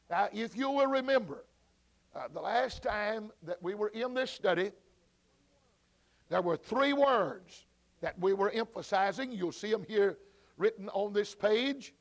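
A man teaching a church Bible study, talking slowly with many fillers and repeated words, and calling out to people at the back of the room. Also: high-pitched, gravelly. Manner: slow, repetitive teaching with frequent fillers and restarts.

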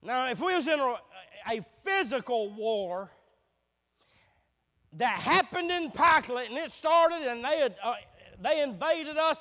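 A man preaching a fervent sermon as pastor, dropping to hushed, low passages and rising to shouts. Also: expressive, measured pace, big-room sound.

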